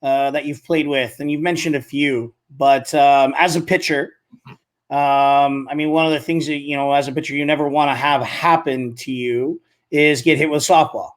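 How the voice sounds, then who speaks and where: A man hosting a casual interview, asking questions in a relaxed way with many fillers. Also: fairly high pitch, normal speed. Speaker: host, interviewer.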